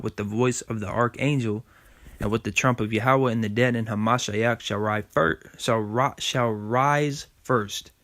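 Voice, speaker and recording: A man's voice: mid-range voice, a bit bright. A man giving an informal sermon, reading scripture aloud and checking in with "okay?" and "man" after each point. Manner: casual, repeats "okay?" and "man"; reads scripture aloud, stumbling on words. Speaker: preacher.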